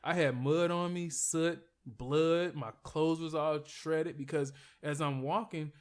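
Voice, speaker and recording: A man's voice: fairly high pitch, slow. A man, a podcast guest, telling a long story in a casual, rambling way, full of "like" and "you know", with some profanity. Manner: profane, animated retelling.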